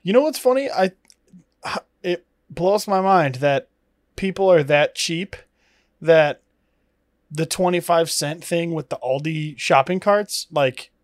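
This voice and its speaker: A young man in casual chat, easygoing, laughing often and throwing in quick asides. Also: on the high side, animated, no room sound, studio quality.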